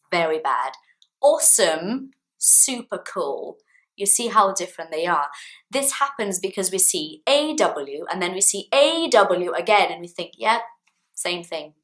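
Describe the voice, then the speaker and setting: A woman teaching English vocabulary to camera in a clear, deliberate way, with playful example sentences. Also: medium pitch, a bit bright.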